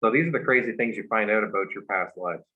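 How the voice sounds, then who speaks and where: A man, a guest, casually telling a long story, animated and full of fillers. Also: fairly low pitch, quick pace. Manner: animated retelling with many fillers. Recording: dull lo-fi recording.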